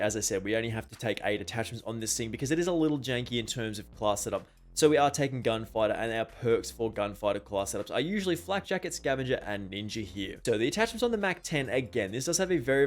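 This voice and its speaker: A man hosting a gaming channel, giving a brisk voice-over guide to weapon loadouts and often repeating stock phrases. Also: medium pitch. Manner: brisk, repeats filler phrases like "just keep that in mind".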